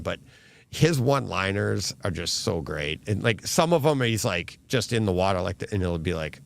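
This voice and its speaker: A man with a gravelly, fry-tinged voice talks in a loose, animated way, laughing often and circling back through his sentences. He sounds like a co-host in a casual chat with friends. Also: low-pitched, moderate pace. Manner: animated, laughing, rambling with fillers. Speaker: podcast co-host.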